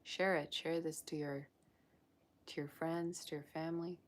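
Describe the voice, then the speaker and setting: A woman's voice: sits low, flat delivery, measured pace. A woman giving a live-streamed tarot reading, chatty and effusive as she gushes over the cards. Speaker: tarot reader.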